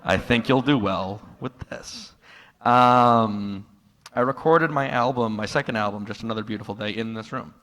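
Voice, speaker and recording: A man doing a stand-up comedy set in a live room, telling stories in a dry tone that jumps into loud, exasperated outbursts. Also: on the low side, normal speed. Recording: live room with long hall reverb.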